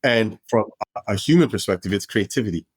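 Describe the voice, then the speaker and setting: A middle-aged man from Brooklyn, a podcast guest telling his career story in an animated, expansive way with frequent restarts. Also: fairly low pitch, a little fast, husky, dry recording. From Brooklyn, New York. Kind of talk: casual storytelling interview.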